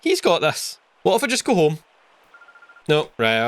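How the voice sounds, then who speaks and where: A man's voice: mid-range voice, wildly swooping pitch, moderate pace, a bit bright. A man with a Scottish accent giving wry, joking commentary while playing a video game. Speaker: gaming video host. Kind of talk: let's play commentary.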